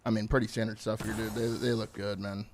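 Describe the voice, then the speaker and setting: A man hosting a live watch party stream, talking casually and excitedly to his chat and swearing freely. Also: fairly low pitch, quick pace, a crowd in the background. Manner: profane, hyped, talks to chat.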